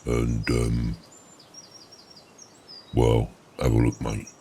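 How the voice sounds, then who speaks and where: Very deep man, weary grumble. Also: monotone, extremely slow, warm tone, slight background noise. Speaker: roleplay partner. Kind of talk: casual roleplay chat.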